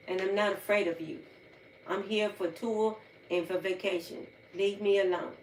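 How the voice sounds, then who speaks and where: A woman's voice: mid-range voice, slight background noise. A woman hosting a livestream in casual chat, chatty and repeating her points for emphasis. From United States. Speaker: livestream host. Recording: roomy sound, far from mic, faint ambience.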